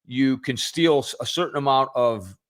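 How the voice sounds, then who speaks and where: A middle-aged man chatting on a podcast, telling a story in a folksy way with pauses. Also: mid-range voice. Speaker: podcast co-host. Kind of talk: casual political chat.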